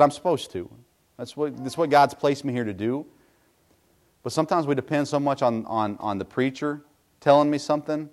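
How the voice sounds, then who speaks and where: A middle-aged man preaching from the pulpit, his voice sitting at an ordinary middle pitch. He talks in a folksy, self-deprecating way and turns to his listeners with little asides. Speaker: pastor. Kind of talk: sermon.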